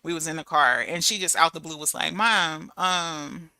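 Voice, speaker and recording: A woman in her thirties chatting casually to her viewers, telling stories in a lively, animated way. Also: low-pitched, fast, no room sound. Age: 30s. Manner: chatty, storytelling, animated with laughs and quoted voices. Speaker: channel host. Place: abroad in Germany.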